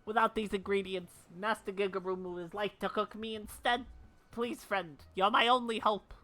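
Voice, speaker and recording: A woman voicing a nervous, worried male cook's assistant in a video game, speaking lower and softer than her own voice. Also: steady tone, moderate pace, lightly acted. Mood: fretful.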